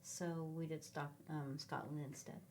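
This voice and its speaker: Low-voiced chatty woman from Sacramento. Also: unhurried. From Sacramento, California. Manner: rambling, animated travel anecdotes with many fillers. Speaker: podcast guest. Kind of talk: casual conversational storytelling.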